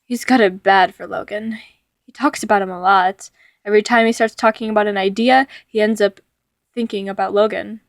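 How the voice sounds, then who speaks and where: A woman voicing a calm, protective young man in a storybook reading, speaking softly and quietly. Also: medium pitch, a little fast, no room sound, clean studio sound, lightly acted. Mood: tender.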